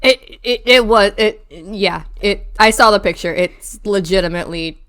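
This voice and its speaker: Woman podcast co-host, hoarse from a cold, dry teasing remarks, mid-pitched voice. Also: moderate pace, fairly bright tone. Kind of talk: casual chat.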